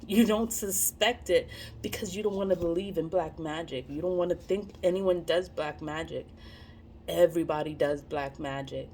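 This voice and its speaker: A woman's voice: fairly low pitch, a little mellow. Young woman, casual vlog rant, blunt and profane, frequent laughter, faint background hum. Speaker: vlogger. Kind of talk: casual monologue to camera.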